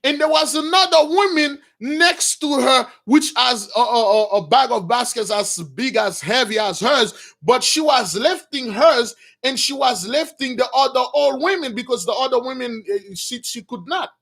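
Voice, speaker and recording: A high-voiced man preaches, alternating between reading an old text and retelling it in loose, informal asides. He addresses his listeners as brothers, often restarts his sentences, and drops lower when he makes his point. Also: moderate pace, vocal fry, hardly any pauses, a bit bright. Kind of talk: sermon reading a text with commentary.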